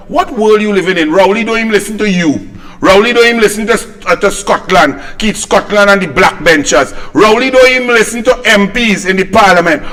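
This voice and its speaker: A man's voice: high voice, bright, forceful tone, rough recording. A middle-aged man with a Trinidadian accent, hosting fiery political commentary in an indignant, mocking, rhetorical way.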